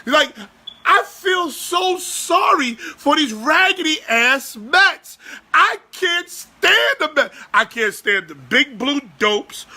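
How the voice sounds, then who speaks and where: High-voiced man in his forties ranting. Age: 40s. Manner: loud, profane, exasperated ranting. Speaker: sports podcast host. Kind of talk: ranting sports talk.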